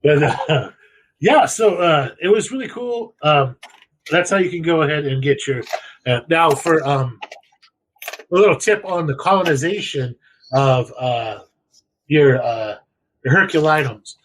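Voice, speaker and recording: A young man chatting casually on a podcast, rambling through crude slang and lively outbursts. His voice sits a little higher than most men's. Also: measured pace, poor audio. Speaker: podcast co-host. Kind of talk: casual chat.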